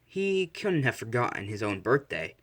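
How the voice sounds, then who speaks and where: A man's voice: medium pitch, sing-song, normal speed, fairly bright tone. A man voicing a teasing young woman in a fan-made anime story.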